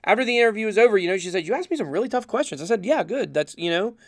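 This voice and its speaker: A man's voice: sits high, expressive, rapid-fire, vocal fry, dry recording, studio quality. A man hosting a casual livestream, reading viewer comments aloud and answering them in a loose, rambling way with lots of fillers and the odd chuckle. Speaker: crypto livestream host.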